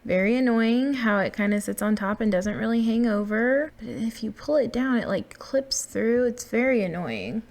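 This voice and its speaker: A woman's voice: on the high side, lively intonation, moderate pace, few pauses, a little mellow. A woman giving casual, self-deprecating commentary while building in a game, thinking aloud as she works.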